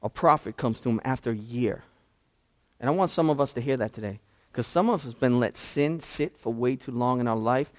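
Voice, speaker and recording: A man's voice: mid-range voice, fairly quick. A man, a pastor, preaching a conversational sermon that swings from casual asides to impassioned climaxes.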